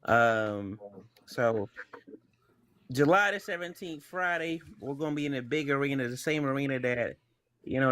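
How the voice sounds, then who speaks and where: A man's voice: mid-range voice, a bit bright, no room sound. Rambling man on a dry mic. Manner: loose, rambling, many fillers. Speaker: panelist and wrestler. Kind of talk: casual panel chat.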